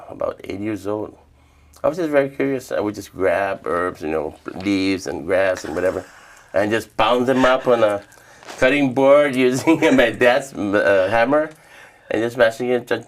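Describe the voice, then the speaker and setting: An older man from Guam, telling stories of his past in a relaxed, reflective interview. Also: low-pitched, gravelly. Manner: relaxed, reflective storytelling with quoted dialogue. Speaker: interviewee, traditional healer. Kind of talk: casual storytelling interview.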